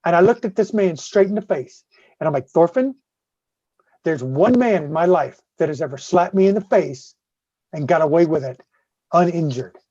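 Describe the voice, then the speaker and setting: Profane, animated man telling a story. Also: fairly high pitch, moderate pace, no echo, muffled recording. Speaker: guest host. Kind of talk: casual storytelling.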